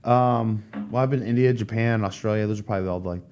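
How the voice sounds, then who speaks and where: A man in his thirties from the United States, telling a story in casual chat as a podcast guest, animated and acting out the voices of the people he quotes. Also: fairly low pitch, fast, highs cut off.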